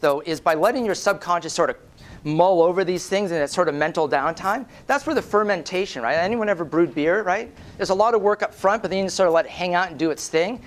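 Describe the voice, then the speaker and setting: A man giving a lively storytelling presentation at a conference, animated and profane, often tagging lines with "right?". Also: a little high. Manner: acts out quoted voices. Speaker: conference speaker.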